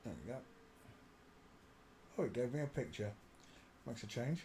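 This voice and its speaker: A man's voice: medium pitch, moderate pace, pauses often, mellow, a little hiss or hum. An older man hosting a rambling live stream from his home desk, chatting, greeting viewers and humming to himself as he clicks around. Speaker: livestream host.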